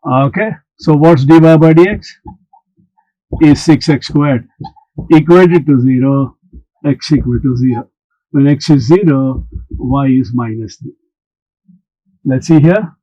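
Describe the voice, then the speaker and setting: A man's voice: mid-range voice, dark tone, dry recording, dull audio. A man teaching a maths lesson, explaining step by step and answering imagined students. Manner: slow, deliberate explaining, talks back to imagined students.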